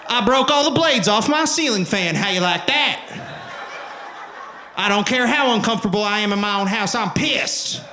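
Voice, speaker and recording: A man voicing a furious, dim-witted redneck man who yells in a high-pitched rant. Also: lively intonation, normal speed, slight background noise. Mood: angry. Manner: yelling, high-pitched ranting. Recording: roomy live club recording.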